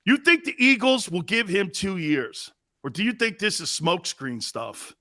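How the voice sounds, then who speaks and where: Loud animated sports talk host, man. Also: high voice, normal speed. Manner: loud, animated, laughing, mimics accents. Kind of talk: live-stream sports talk, reading chat.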